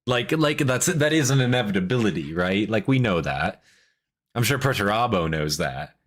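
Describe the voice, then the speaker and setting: A man reacting to a lore video in loose, casual commentary. He gets excitable and curses often, and his voice sits a little low. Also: moderate pace. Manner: excitable, swears and laughs a lot.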